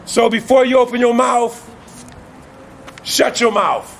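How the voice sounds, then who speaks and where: High-voiced man in a profane monologue. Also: measured pace, fairly bright tone, slight background noise. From Northern California. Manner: profane, emphatic, preaching cadence. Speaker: father. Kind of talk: impassioned monologue.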